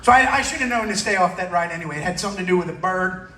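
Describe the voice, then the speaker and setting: A man doing a stand-up comedy set, telling a story with shouted screams and acted-out dialogue. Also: high voice, expressive, rapid-fire, noisy background. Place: comedy club stage. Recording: echoey club from a distance.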